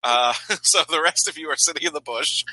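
A man narrating a tabletop game as game master, halting and repeating words as he goes. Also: on the high side, pushed and bright, rough recording.

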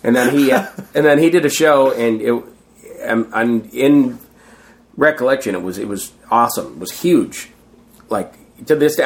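A middle-aged man in a casual interview, telling rambling stories and acting out what others said. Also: mid-range voice. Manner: rambling, acts out quoted voices. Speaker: guest, street performer.

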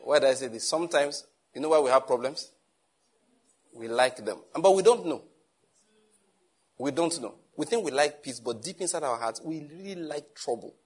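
Husky man preaching. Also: fairly high pitch, expressive, moderate pace, a little mellow. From Nigeria. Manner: conversational preaching with acted-out dialogue. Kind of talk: sermon.

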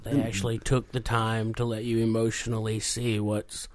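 A man co-hosting a casual movie podcast, calmly retelling scenes. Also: fairly low pitch, normal speed. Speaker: podcast co-host.

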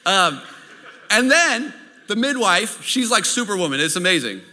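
A man preaching a sermon as a pastor. He tells stories in a lively way and keeps checking in with his listeners. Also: high-pitched, moderate pace. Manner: lively storytelling, checks in with the audience. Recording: long hall reverb.

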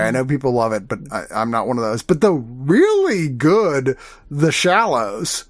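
Man, podcast host, slightly high voice, very lively intonation, joking, rambling casual review, dry close mic. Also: no room sound. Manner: animated, joking, self-interrupting. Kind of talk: casual movie review chat.

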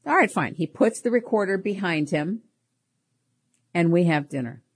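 A middle-aged woman with a slightly low voice hosts her own show, telling personal stories. She talks in an animated way, laughs often and repeats her words as she goes. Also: moderate pace, slightly rough. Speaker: podcast host. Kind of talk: personal storytelling.

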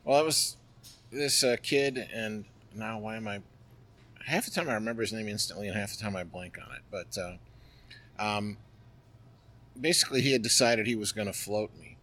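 A man's voice: lowish voice, moderate pace, long pauses. A middle-aged man guesting on a podcast, spinning anecdotes in a loose, chatty way. He piles on fillers and keeps the story rolling. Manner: lively, chatty, filler-heavy. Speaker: guest, poker player. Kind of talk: interview storytelling.

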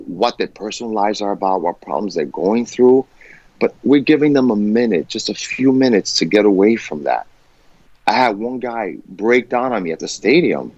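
Fired-up man, swooping expressive voice. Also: fairly low pitch, husky, no echo. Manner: passionate, emphatic and profane. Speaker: guest musician. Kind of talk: candid podcast conversation. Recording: dull lo-fi dry sound.

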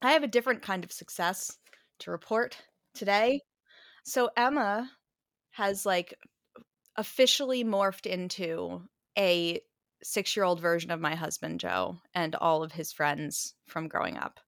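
A woman's voice: fairly low pitch, lively intonation, a little slow, fairly bright tone, dry recording, studio quality. A woman in her thirties co-hosting a podcast, chatting casually and laughing as she thinks aloud. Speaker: podcast co-host. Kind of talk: casual chat.

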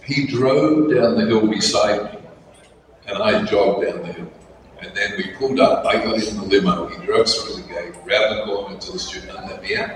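A man's voice: fairly low pitch, moderate pace, recorded from a distance. An older man with an Australian accent, a guest on a convention panel telling anecdotes with chuckles and acting out the people he quotes. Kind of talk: anecdotal storytelling. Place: large convention hall. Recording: echoey hall with crowd noise.

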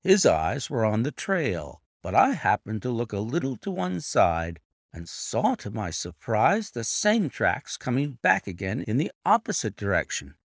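Expressive male storyteller, dry sound. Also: mid-range voice, a little slow, no echo. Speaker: narrator and annotator. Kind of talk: audiobook narration.

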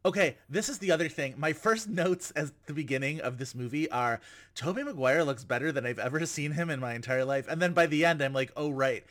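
A man's voice: on the high side, fairly quick, a bit bright. Wry, joking male podcast host. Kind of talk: casual chat.

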